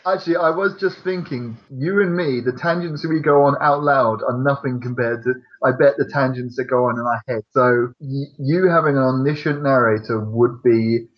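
A young man co-hosting a comedy podcast, stating absurd things as fact in a deadpan manner. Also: medium pitch, moderate pace, few pauses. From United Kingdom. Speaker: podcast co-host. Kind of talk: casual comedic chat. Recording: dull lo-fi sound.

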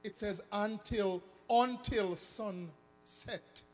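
Male preacher, high voice, emphatic sing-song delivery with hushed drops; recorded in a reverberant church with faint background music. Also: drawn-out words. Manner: emphatic, swings between sung shouting and hushed talk. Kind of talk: sermon. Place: church hall.

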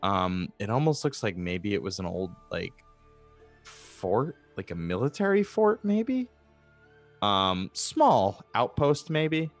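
A man's voice: on the low side, very animated, slow, soft background music. A man narrating as game master of a tabletop game, in a loose, rambling way with many fillers.

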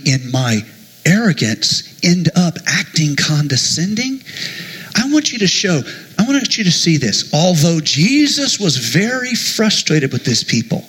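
A middle-aged male pastor preaching in church with a bright, forceful, somewhat husky voice. He swings between lively jokes and hushed, confiding asides, and his voice sits a little high for a man. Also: measured pace, low-quality recording. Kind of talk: sermon.

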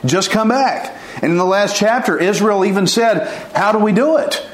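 A man's voice: sits high, fairly quick. Earnest man preaching in an echoey room. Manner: earnest, pleading, folksy with chuckles. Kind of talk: informal sermon.

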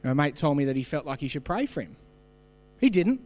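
A man's voice: on the high side, sing-song, brisk, a little mellow, big-room sound. An Australian man preaching a sermon, telling stories in a conversational way and putting questions to the congregation. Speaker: pastor.

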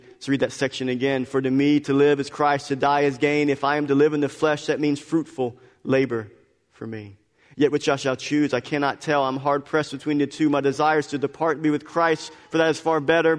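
A male pastor preaching a sermon, telling a personal story with animated swings between quiet confession and loud exclamation. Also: a little high. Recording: echoey hall.

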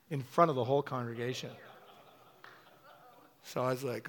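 A middle-aged man preaching a sermon, telling a story with animated quoted voices. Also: brisk, long pauses. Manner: animated storytelling, acting out quotes with sudden high-pitched bursts.

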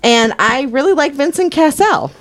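A woman's voice: high voice, expressive, normal speed, no echo. A young woman co-hosting a podcast, chatting casually about a movie, laughing often and cursing offhandedly. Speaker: podcast co-host. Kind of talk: casual movie review chat.

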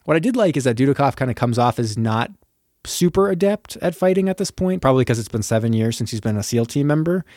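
A man's voice: medium pitch, expressive, quick pace, darkish tone, no room sound, clean studio sound. A man in casual conversation, retelling movie scenes with animation and acting out the characters' lines. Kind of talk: casual movie recap chat.

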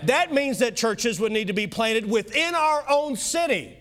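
A man with a Kentucky accent preaching a sermon as pastor, emphatic, swinging between loud and soft, with quick asides. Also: very high voice, lively intonation.

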